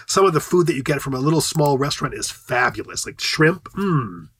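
Man co-host, husky, animated pitch, a bit high, enthusiastic talker. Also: fairly quick. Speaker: podcast co-host. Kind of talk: casual chat. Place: home studio.

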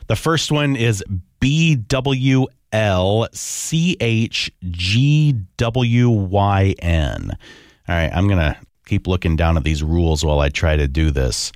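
A man with a fairly low voice talks in a relaxed podcast chat, his pitch swinging up and down as he fumbles through tricky words. He hesitates, restarts and laughs at himself, and the sound is dry and close. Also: slow pace, no room sound. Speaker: podcast co-host. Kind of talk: casual chat.

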